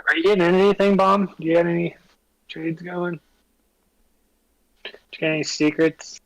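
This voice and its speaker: A man's voice: fairly high pitch, steady tone, moderate pace, no echo, poor audio. A man co-hosting a casual livestream chat, swearing freely and laughing as he tells stories. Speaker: livestream co-host.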